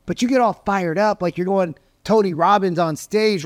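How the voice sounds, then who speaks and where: A middle-aged man coaching salespeople in an energetic, conversational way, often checking in with "right?". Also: high voice, a little fast, hardly any pauses, no echo, studio quality. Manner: acts out phone calls in animated voices. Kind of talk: motivational sales teaching.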